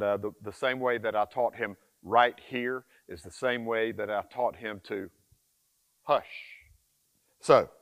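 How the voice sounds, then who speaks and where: A man in his sixties, a dog trainer, explaining hush training in a folksy, repetitive way and giving his dog firm commands. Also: fairly low pitch. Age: 60s. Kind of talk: casual instructional vlog.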